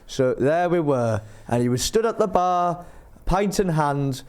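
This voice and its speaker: A man's voice: on the high side, lively intonation, unhurried, darkish tone, clean tone. A young man, rambling through a self-mocking story as a podcast co-host. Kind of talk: casual storytelling chat.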